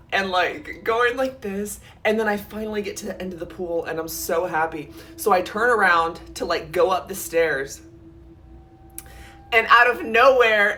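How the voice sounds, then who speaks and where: A woman in a storytime vlog, retelling a nightmare in an animated, breathless way, with lots of "like" and sudden jumps in pitch, sometimes close to tears. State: near tears at times. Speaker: vlogger.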